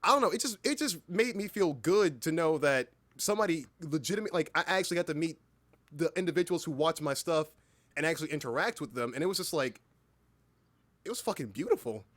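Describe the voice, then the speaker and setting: Young man, slightly high voice, excitable, swears, restarts sentences, casual stream chat. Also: brisk. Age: young adult. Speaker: streamer and voice actor.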